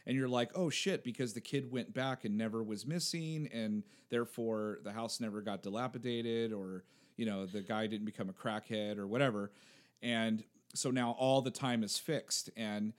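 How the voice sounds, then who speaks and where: Animated man in casual podcast chat. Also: on the low side, moderate pace. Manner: animated, laughs often, swears freely. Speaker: podcast co-host.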